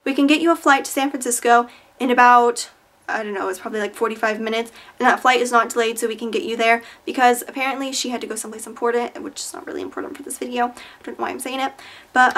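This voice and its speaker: A young woman with a high, bright voice tells rambling stories straight to camera. She is chatty and dramatic, piling on fillers and asides. It has the casual feel of a camera-mic vlog. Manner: chatty, exaggerated storytelling with many fillers. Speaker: vlogger.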